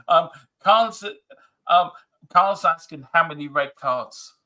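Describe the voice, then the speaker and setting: A man's voice: a little high, expressive, very slow, bright, forceful tone. A man co-hosting a casual fan live stream, reading viewer comments aloud and laughing often. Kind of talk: casual chat.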